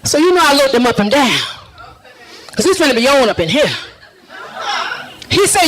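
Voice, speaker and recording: A woman doing a stand-up routine, sassy and teasing the crowd with drawn-out punchlines. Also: sits high, sing-song, a bit bright, a little hiss or hum, rough recording. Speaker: stand-up comedian.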